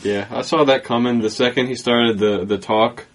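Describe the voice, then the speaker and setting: A man's voice: mid-range voice, steady tone, normal speed. A man in casual movie talk who throws in short, dry remarks.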